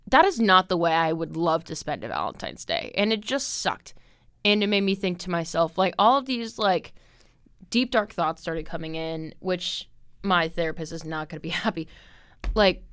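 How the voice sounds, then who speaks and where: Solo podcast host, woman in her twenties, lowish smooth voice, candid and swears a lot. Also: expressive, moderate pace, a bit bright, no echo, clean studio sound. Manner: chatty and candid, lots of "like" and "um", swears freely. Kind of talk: casual solo podcast rant.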